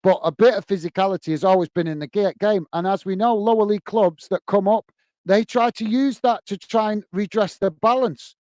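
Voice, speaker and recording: A man's voice: high-pitched, a little fast, a little mellow, no echo. Chatty man hosting a stream. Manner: chatty and enthusiastic, frequent "uh" fillers, calls everyone "mate". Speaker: fan channel host. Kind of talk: live watch-along chat, reading viewer comments.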